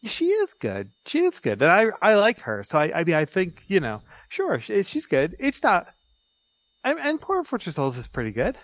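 A man co-hosting a casual podcast chat, telling stories in an upbeat, animated way. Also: high voice, moderate pace, no room sound. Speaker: podcast co-host.

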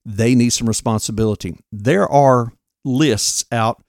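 A man's voice: mid-range voice, a little slow, no room sound, clean studio sound. A middle-aged man co-hosting a parenting podcast, talking in a firm, earnest, lecturing way. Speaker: podcast co-host. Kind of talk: casual parenting talk.

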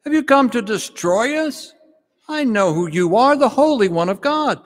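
A man voicing a fearful, defiant male unclean spirit with a dramatic, high-pitched delivery during a scripture reading. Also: lively intonation, normal speed. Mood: alarmed. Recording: long church reverb.

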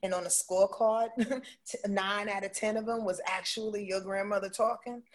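A woman speaking as an interview guest about intuition, animated and emphatic, often checking in with "right?". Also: mid-range voice, moderate pace. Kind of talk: casual conversational interview.

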